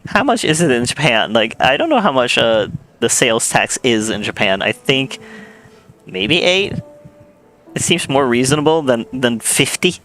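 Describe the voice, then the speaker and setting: A man's voice: medium pitch, big pitch swings, moderate pace, a bit bright. A man streaming a game, chatting casually with a giggly, rambling manner. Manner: chatty, giggly, many likes. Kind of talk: casual gameplay commentary.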